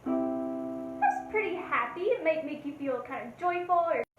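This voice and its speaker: Upbeat high-voiced woman teaching kids music. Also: expressive, a little slow, phone-quality sound. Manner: upbeat, encouraging, sings and chants along. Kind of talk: kids' music lesson with sing-along. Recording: echoey room with instrument. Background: instrument played.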